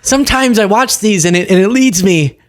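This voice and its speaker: A man hosting a political commentary show, talking casually with animated sarcasm. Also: high-pitched, moderate pace.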